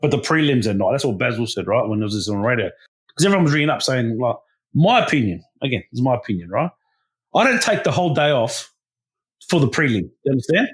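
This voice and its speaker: An Australian man co-hosting a podcast, insistent and quick to jump in during casual chat. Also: mid-range voice, very animated. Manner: quick, insistent, keeps interjecting. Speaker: podcast co-host.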